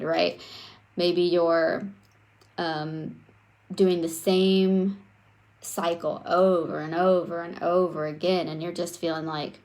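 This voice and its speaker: A woman's voice: fairly low pitch, level tone, slow pace, darkish tone. A woman coaching on self-worth in a casual, conversational way, often tagging her points with "right?" and swearing now and then. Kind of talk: casual teaching talk.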